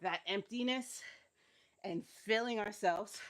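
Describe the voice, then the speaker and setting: Though she's cramping and not feeling well, a woman running a workout livestream keeps cheering her class on and laughing frequently. Her voice is mid-range.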